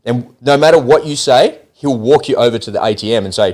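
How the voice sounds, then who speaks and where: A man's voice: medium pitch, fairly quick. A middle-aged Australian man in a casual podcast chat, telling stories and acting out the people in them. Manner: animated storyteller who acts out quoted people.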